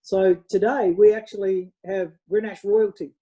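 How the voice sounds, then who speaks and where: A woman's voice: mid-range voice, steady tone, moderate pace, mellow, breathy edge, dull audio. An Australian woman co-hosting a wine show in casual, rambling chat, often correcting herself. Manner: chatty, rambling, self-correcting.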